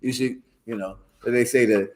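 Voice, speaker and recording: A man teaching a scripture class in a loose, slangy way, often jumping his voice high to show how a word should sound. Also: fairly even intonation, moderate pace, echoey room.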